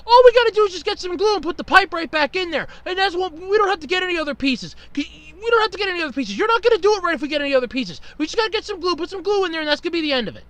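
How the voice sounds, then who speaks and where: A man's voice: very high voice, expressive, a bit bright, pitched above the performer's own voice. A man quoting a stubborn old grandfather. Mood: insistent. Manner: insistent, fast, repeating himself. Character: insistent older grandfather, stubborn and sure.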